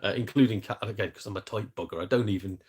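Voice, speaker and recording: A man's voice: lowish voice, quick pace, a little mellow, husky. A man hosting a casual gaming live-stream chat, rambling and self-deprecating with jokes. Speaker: gaming YouTuber host.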